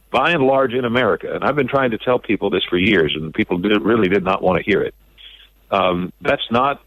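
A man giving opinionated political commentary as a radio guest, measured and repeating words as he builds his points. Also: fairly low pitch, no echo. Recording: dull lo-fi radio audio.

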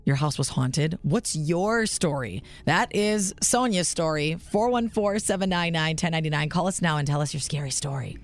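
A woman's voice: deep voice, expressive, normal speed, hardly any pauses. A woman co-hosting a radio talk show, leading the segment and asking questions into a studio microphone. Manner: upbeat, leads the segment, asks questions. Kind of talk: morning radio chat.

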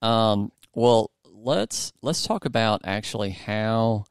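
Male host, casual interview chat, low voice, clear and resonant, rambling with fillers. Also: slow pace, no room sound, clean studio sound. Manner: rambling, many fillers and restarts. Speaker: podcast host.

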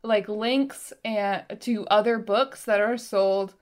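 A woman's voice: mid-range voice, takes it slowly. A woman co-hosting a casual podcast, talking hesitantly with lots of "um" and "like". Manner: hesitant, many fillers like "um" and "like". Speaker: podcast co-host.

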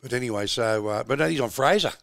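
A man's voice: medium pitch, quick pace, gravelly, a bit bright, dry recording, studio quality. A middle-aged Australian man hosting a podcast, chatting in a laid-back, rambling way and calling his co-host mate. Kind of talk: casual chat.

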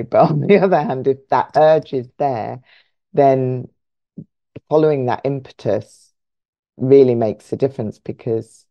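A woman hosting an interview podcast, her voice dry and close with a slightly dull, lo-fi sound. She reflects slowly on what she hears, searching carefully for each word. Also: extremely low pitch, no room sound. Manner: thoughtful, measured, searching for words. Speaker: podcast host.

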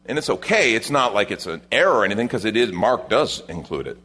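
A man's voice: on the low side, big pitch swings, fast, bright, forceful tone. A male pastor preaching a sermon in a conversational way, with asides to the congregation.

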